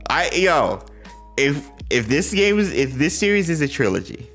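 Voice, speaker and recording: A man's voice: fairly high pitch, sing-song, normal speed, fairly bright tone, faint music behind. A young man hosting a casual livestream, greeting chat viewers and pleading with exasperated sighs and laughs. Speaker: livestream host. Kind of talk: casual live-stream chat.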